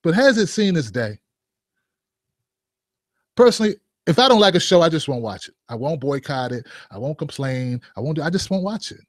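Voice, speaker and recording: Male vlog host, high voice, joking opinionated commentary with rhetorical asides. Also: sing-song, normal speed, no echo, studio quality.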